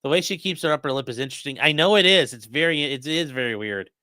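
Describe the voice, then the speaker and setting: A male host giving livestream commentary in an animated, sarcastic way, reacting to clips and reading chat aloud. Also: a little high, fast, dry recording, studio quality.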